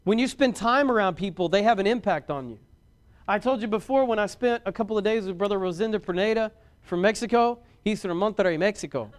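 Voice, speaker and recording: Man, high voice, pastor preaching, folksy, builds in volume on key points. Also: brisk. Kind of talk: sermon.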